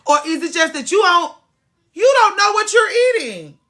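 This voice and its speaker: Woman, podcast host, bright tone, emphatic and profane, casual rant. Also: extremely high pitch, lively intonation, normal speed. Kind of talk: casual chat.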